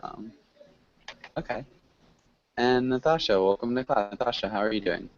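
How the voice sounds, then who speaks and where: A man teaching an online English class, correcting students patiently and clearly. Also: medium pitch, normal speed. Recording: muffled lo-fi call audio with faint hiss.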